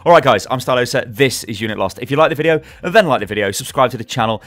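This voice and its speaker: Fast-talking exasperated gamer. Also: male voice, medium pitch, animated, a bit bright. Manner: rambling, exasperated, with frequent restarts and mock outbursts. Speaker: gaming YouTuber. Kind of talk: casual commentary to camera.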